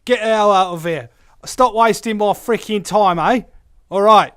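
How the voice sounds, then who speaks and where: A man's voice: high voice, moderate pace, fairly bright tone, clean tone, no room sound, clean studio sound. A man voicing a harsh, scornful male talent-show judge who dismisses and insults a contestant.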